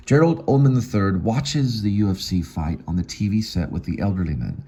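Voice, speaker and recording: A man's voice: on the low side, lively intonation, normal speed, few pauses, dark tone, slightly rough. A man reading his own screenplay aloud, working through the scene directions plainly, with small slips. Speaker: actor and channel host.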